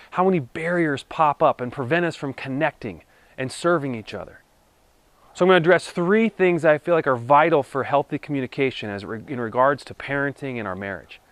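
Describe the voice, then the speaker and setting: A man speaking as a marriage counselor, giving calm, measured advice straight to the listener. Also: fairly high pitch, no echo. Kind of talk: scripted talk-to-camera advice.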